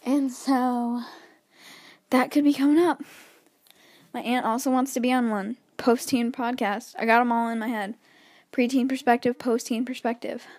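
A teenage girl chats casually on her solo podcast, nervous and rambling, breathing heavily between thoughts and poking fun at herself. Her voice is a little high and slightly mellow, with fairly even intonation at a moderate pace and no echo.

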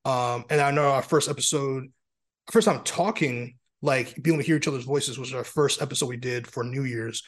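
A man's voice: mid-range voice, brisk. A man hosting a podcast in a casual, playful chat, teasing his guest and often repeating himself. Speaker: podcast host.

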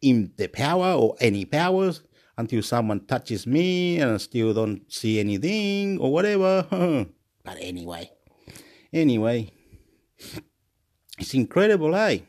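A man's voice: mid-range voice, big pitch swings, unhurried, a little mellow. A man rambling to camera in a vlog, repeating himself, jumping between ideas and laughing often. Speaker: YouTuber.

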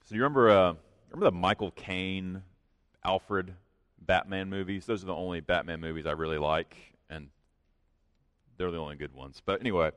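A pastor preaching in a church, with an earnest, conversational delivery that rises for emphasis. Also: male voice, low voice, fairly bright tone, clean tone. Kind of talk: sermon. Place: church sanctuary. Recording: long reverb of a large hall.

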